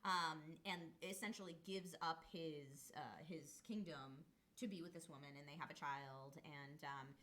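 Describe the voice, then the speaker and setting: A woman with a bright, forceful tone co-hosts a casual TV review chat. She lays out fan theories and book details, filling the gaps with "um" and "uh" as she thinks. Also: low voice, fairly even intonation, normal speed, hardly any pauses. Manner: explains lore with many fillers. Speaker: co-host of a TV review show.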